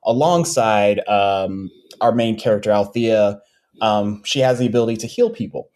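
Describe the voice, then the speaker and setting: A man, a comics creator being interviewed, talking casually about his books with many pauses and restarts. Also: fairly low pitch. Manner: relaxed, many ums and restarts.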